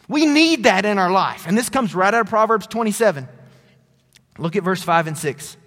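High-voiced male pastor preaching in a hall. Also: expressive, moderate pace. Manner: conversational preaching, swings between loud and soft. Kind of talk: sermon.

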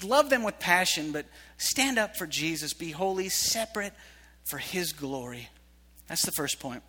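A man preaching a sermon to young people, telling stories in an animated way that swings from hushed to shouting. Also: high-pitched. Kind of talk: sermon to youth. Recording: live hall reverb.

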